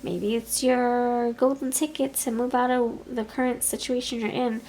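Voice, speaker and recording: A woman giving a pick-a-card tarot reading in an expressive, chatty way, talking aloud to Spirit as she goes. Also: fairly high pitch, moderate pace, a little hiss or hum, poor audio. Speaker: tarot reader.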